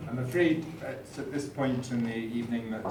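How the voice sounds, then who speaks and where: A man's voice: mid-range voice, normal speed. A man giving a dry, self-deprecating comic speech at a dinner. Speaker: after-dinner speaker. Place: dinner hall. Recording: roomy hall, far mic, noisy.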